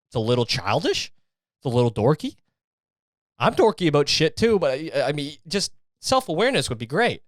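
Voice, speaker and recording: A man's voice: on the high side, dry recording, studio quality. A young man hosting a solo podcast, ranting in a sarcastic, profane, casual way. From Canada. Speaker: podcast host.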